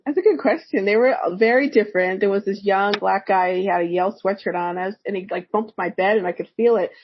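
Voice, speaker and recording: A woman's voice: medium pitch, a little fast, muffled recording, a little hiss or hum. A woman, a therapist and energy healer, telling personal stories as a podcast guest, laughing often and acting out other people's words. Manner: lively storyteller who laughs often and acts out quotes. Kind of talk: storytelling in a podcast interview.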